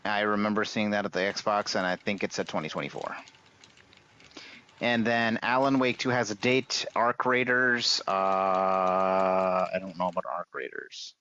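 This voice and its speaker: A man's voice: fairly low pitch, unhurried, clear, resonant tone. A man hosting a casual group chat, going through a list of games and pushing the others for answers. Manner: animated, hurrying the others along. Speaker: podcast host running a game rating list. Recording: dull lo-fi sound.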